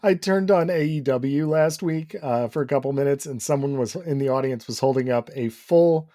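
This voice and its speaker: A man co-hosting a podcast in casual chat, easygoing and quick to laugh. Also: medium pitch, warm tone. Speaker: podcast co-host.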